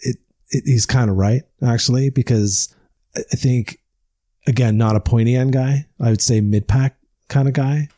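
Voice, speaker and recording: A man's voice: mid-range voice, normal speed, dark tone, no echo. A man chatting casually over a video call about endurance cycling, rambling and stammering, often laughing. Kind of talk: casual chat.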